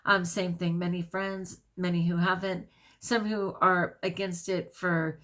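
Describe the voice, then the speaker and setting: Chatty, low-voiced woman vlogger. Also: little pitch movement, a bit bright. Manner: quick, chatty, many fillers and self-corrections. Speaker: vlogger and teacher. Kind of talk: casual talk to camera, reading an article aloud.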